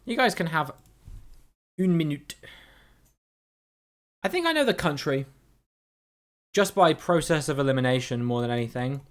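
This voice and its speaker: Chatty man with a smooth voice. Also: a little high, expressive, fairly quick, a bit bright. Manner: chatty and playful, greets viewers, swears casually. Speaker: streamer playing a geography guessing game with chat. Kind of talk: casual live-stream commentary.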